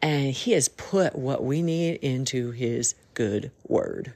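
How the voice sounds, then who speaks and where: Woman podcast host, low fry-laden voice, folksy and earnest, casual faith talk. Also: lively intonation, slow pace, darkish tone. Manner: folksy, rambling, earnest, Southern slang.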